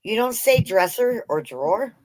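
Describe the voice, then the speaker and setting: A woman's voice: fairly high pitch, expressive, moderate pace, noisy background. A woman from Minnesota chatting casually on a livestream, joking and swearing, laughing often. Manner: joking, profane, laughs a lot. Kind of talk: casual chat.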